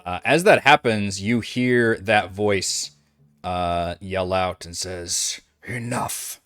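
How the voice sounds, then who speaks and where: A man running a tabletop game as dungeon master, narrating in a relaxed, chatty way and laughing easily. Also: low-pitched, slow, smooth, dry recording, studio quality, faint music behind.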